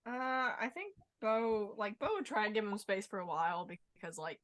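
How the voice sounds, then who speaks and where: A woman's voice: mid-range voice, lively intonation, normal speed, fairly bright tone. Hesitant woman talking at a game table. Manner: hesitant, trailing phrases. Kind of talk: casual tabletop game chat.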